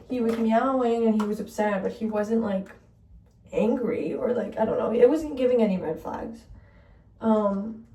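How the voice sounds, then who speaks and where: Heard from a distance in a roomy recording, a young woman with a slightly high, mellow voice chats on her vlog, rambling through a story and using "like" constantly.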